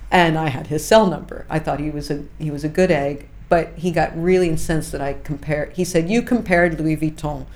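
A middle-aged woman, a fashion journalist being interviewed, telling lively anecdotes with frequent asides. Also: sits low, a little fast, few pauses. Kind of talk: conversational interview storytelling.

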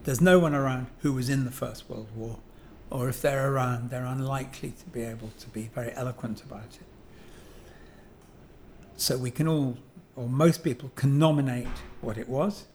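A man's voice: medium pitch, steady tone, moderate pace, a little mellow, slight background noise. An Englishman in his seventies talking about objects in a reflective, digressive way, full of ums and self-corrections. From England. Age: 70s. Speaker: guest sculptor. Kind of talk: reflective conversational monologue.

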